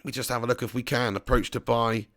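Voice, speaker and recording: A man's voice: medium pitch, little pitch movement, fast, a bit bright, dry recording, studio quality. A man streaming a football management game live, chatting casually and rambling, laughing as he reads the chat at home. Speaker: gaming streamer.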